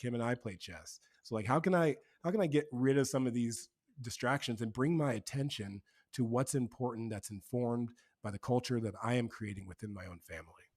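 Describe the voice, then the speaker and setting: A man's voice: mid-range voice, darkish tone. A man talks as a podcast guest in a mid-range voice, earnest and reflective. His speech is casual and loose, full of fillers.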